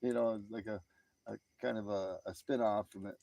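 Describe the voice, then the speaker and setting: A man's voice: fairly low pitch, steady tone, brisk, creaky, a little mellow, dry recording. A man hosting a casual late-night live stream, talking outdoors in a laid-back way, chuckling often and reading out chat messages.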